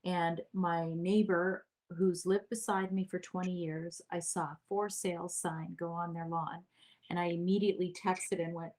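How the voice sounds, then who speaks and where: A woman's voice: lowish voice, flat delivery, moderate pace, a little mellow. A woman hosting a podcast, talking in a personal, chatty way and laughing easily. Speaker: podcast host. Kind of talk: casual interview chat.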